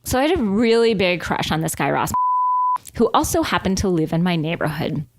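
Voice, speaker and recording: A woman's voice: lowish voice, big pitch swings, a little fast. A woman co-hosting a podcast who laughs often and retells a story in a dramatic, bubbly way. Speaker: podcast co-host. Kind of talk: casual storytelling chat.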